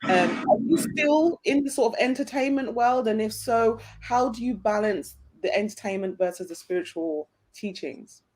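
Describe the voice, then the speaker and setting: A woman's voice: a little high, animated, moderate pace, hardly any pauses, a little mellow. Affirming woman host asking questions. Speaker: interview host. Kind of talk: interview questions and responses.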